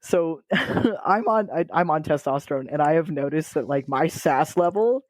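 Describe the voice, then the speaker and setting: Podcast host guy, lively sing-songy voice, bit high, dry sound. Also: moderate pace, no room sound. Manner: playful, laughing, animated. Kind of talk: casual podcast chat.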